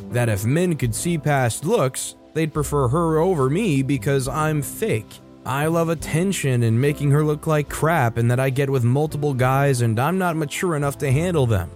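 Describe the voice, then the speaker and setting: Male host-narrator, mid-pitched and conversational, reads stories and adds wry asides over light background music. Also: normal speed, hardly any pauses, darkish tone. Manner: conversational, wry commentary between readings. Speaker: host reading and reacting to online stories. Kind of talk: story reading with commentary.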